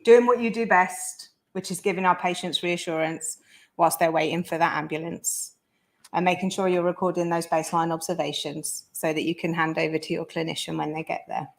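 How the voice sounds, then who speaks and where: A woman's voice: lowish voice, fairly even intonation, brisk, gravelly. A woman organizer giving closing remarks to trainees in a study centre room, running through a reassuring checklist. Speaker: event organizer.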